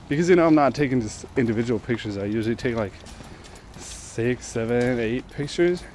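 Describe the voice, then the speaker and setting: A man talks to his camera while he walks through town streets outdoors. His pitch sits in the middle range. He rambles and muses aloud, with loose asides and casual swearing, and faint street sounds are heard behind him. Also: warm tone, slight background noise. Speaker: vlogger on a long walk. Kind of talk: casual walking vlog monologue.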